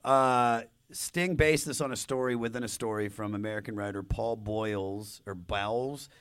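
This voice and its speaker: A man's voice: lowish voice, fairly even intonation, normal speed, a bit bright, smooth, dry recording. A man hosting a podcast at a live taping, reading background notes on songs and asking his guest playful questions. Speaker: podcast host. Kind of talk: conversational album discussion.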